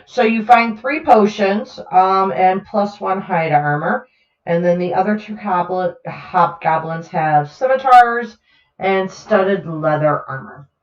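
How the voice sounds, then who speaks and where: A woman's voice: mid-range voice, takes it slowly. A woman running a tabletop game as game master, narrating unhurriedly with many fillers over an online call. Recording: roomy and dull, lo-fi.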